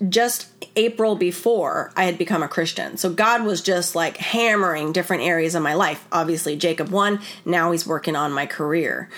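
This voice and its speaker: A woman telling a personal story to camera in a casual, animated, rambling way, full of "like" and retold conversations. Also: medium pitch. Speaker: wellness vlogger and former wedding photographer.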